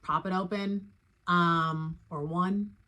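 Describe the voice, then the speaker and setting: A young adult woman telling a story in a casual, chatty way, acting out her own reactions with sudden high exclamations. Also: takes it slowly. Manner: animated, acts out her own reactions with big jumps in pitch; chatty and loose, full of "like" and "y'all".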